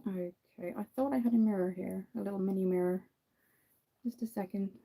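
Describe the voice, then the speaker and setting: A woman's voice: mid-range voice, steady tone, fairly quick, vocal fry, warm tone. A woman from Ireland with an Irish accent, chatting casually to viewers while doing her makeup on a livestream. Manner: chatty, answers viewer comments, many fillers.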